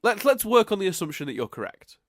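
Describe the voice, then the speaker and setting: A man's voice: high voice, very animated, quick pace, no room sound, studio quality. A man co-hosting a podcast in casual chat, rambling with many restarts and frequent laughs. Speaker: podcast co-host.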